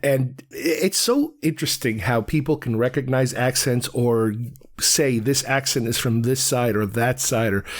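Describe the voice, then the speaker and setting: A man's voice: medium pitch, a little slow. A man, raised in Queens, hosting a solo film commentary show and thinking aloud in a rambling, conversational way. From Queens, New York. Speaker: film podcast host.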